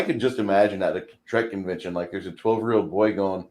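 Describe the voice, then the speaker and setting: A man's voice: low-pitched, fairly even intonation, brisk, a little mellow. A man hosting a casual stream, chatting while painting miniatures, rambling and often repeating words. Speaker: stream host. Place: home.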